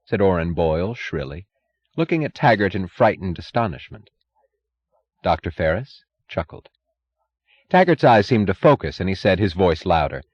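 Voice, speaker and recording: A man narrating a novel in a measured, expressive reading. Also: deep voice, lo-fi sound. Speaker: audiobook narrator.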